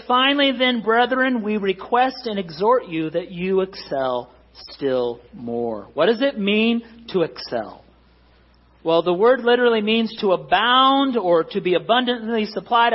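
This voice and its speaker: A man's voice: sits high, muffled recording. A man preaching a sermon as pastor, earnest and emphatic, pressing his points with rising stresses.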